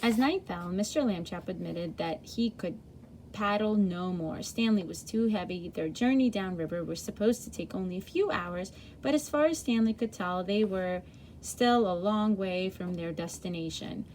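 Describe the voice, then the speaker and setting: A woman's voice: mid-range voice, normal speed, a little mellow, slight background noise. A woman reading a chapter book aloud to children in a friendly way, with small slips and self-corrections.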